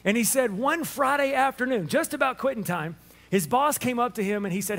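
A man preaching an Easter sermon as pastor, animated in his storytelling and acting out the voices of people in his stories. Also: sits high, fairly quick. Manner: animated storytelling, acts out dialogue.

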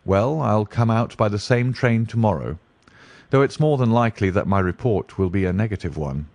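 A man voicing a brilliant, dreamy detective who speaks deliberately and muses aloud. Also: on the low side, expressive, darkish tone, no echo. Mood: musing. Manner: deliberate, musing.

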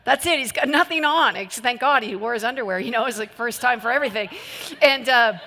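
A woman delivers a sermon in a high, bright voice and tells stories with animated energy and bursts of laughter. A long reverb trails her words around a large hall. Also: a little fast. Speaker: preacher. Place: church hall.

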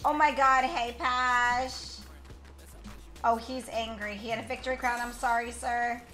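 Excitable young woman streaming a game. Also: on the high side, measured pace. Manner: excitable, gushing, frequent squeals and repeated exclamations. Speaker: gaming streamer. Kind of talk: live gameplay commentary. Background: music playing under the voice.

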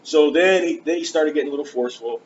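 On a dull, lo-fi church recording with faint hiss, a male preacher with a voice on the high side talks fast. He earnestly tells his own story as a storytelling sermon, animated throughout and acting out conversations.

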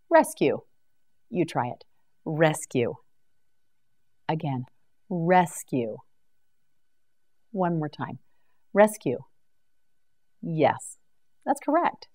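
A woman teaching English vocabulary in a slow scripted drill, enunciating each word clearly and patiently. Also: low-pitched, mellow.

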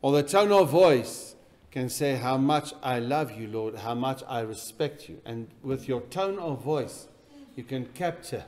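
Pastor preaching emphatically. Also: male voice, medium pitch, animated, unhurried, few pauses. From South Africa. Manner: emphatic preaching, swinging from loud bursts to quiet intensity. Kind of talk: sermon. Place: church.

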